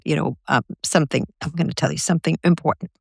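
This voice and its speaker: A woman's voice: sits low, fast talker, vocal fry, dry recording, clean studio sound. A woman therapist recounting a client's story in an earnest, conversational interview. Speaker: therapist guest.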